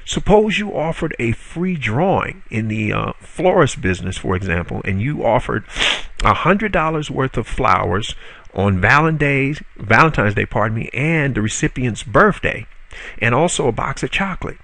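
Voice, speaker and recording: Gravelly-voiced man teaching marketing. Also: medium pitch, very animated, moderate pace, bright, forceful tone, dry recording. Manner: conversational, frequent "uh" fillers and self-corrections; salesy, rhetorical questions to the viewer. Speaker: online marketing instructor. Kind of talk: spoken video tutorial.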